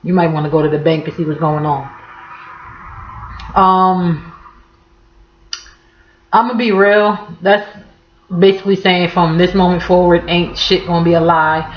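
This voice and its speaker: A woman's voice: lowish voice, fairly even intonation, a little slow, long pauses, a little hiss or hum. A woman with a Harlem, New York accent explaining local slang in a blunt, profane, playful way. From Harlem, New York City. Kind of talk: casual slang explainer vlog. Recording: echoey room, slightly dull audio.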